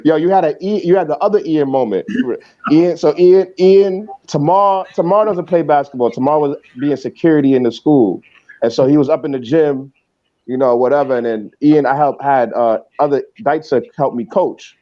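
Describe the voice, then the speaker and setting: A man and former coach chatting casually, telling animated stories and acting out other people's lines. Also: a little high, normal speed, muffled recording. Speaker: former coach, podcast co-host. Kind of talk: casual chat.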